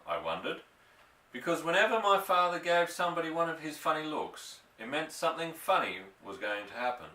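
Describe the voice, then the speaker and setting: Guy reading a kids audiobook, expressive, mic kinda far, echoey. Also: on the high side, a little fast. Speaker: audiobook narrator. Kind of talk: storybook reading. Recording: roomy, from a distance.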